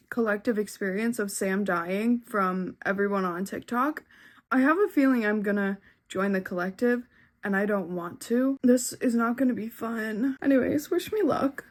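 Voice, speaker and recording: A young woman vlogging about what she is reading, with a slightly high voice. She gushes and dramatizes, peppering everything with "like", casual and unscripted. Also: animated, moderate pace. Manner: gushing, dramatic, lots of "like". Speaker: book vlogger. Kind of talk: casual reading vlog chat.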